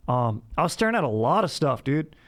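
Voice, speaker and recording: A man's voice: fairly high pitch, very animated, a little fast, a bit bright. Rambling surfer-bro man saying dude. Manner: surfer-bro slang, says "dude" constantly; rambling, restarts and fillers. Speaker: podcast host. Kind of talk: comedic bro-character monologue.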